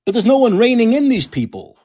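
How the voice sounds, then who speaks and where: A man's very high, mellow, breathy voice leaps across big pitch swings as he talks a little fast. Hosting a podcast, he rants about politics with anger, sarcasm, and lots of profanity.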